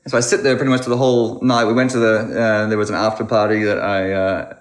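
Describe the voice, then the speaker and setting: A man's voice: lowish voice, fast talker, echoey room. A man in his thirties telling a story with lots of restarts, a guest in casual conversation. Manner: animated, rambling with restarts.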